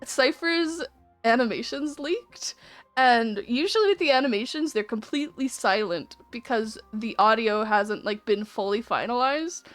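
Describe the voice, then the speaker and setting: A woman's voice: on the high side, expressive, measured pace, fairly bright tone, no room sound. A woman chatting casually on a game stream, laughing often as she talks.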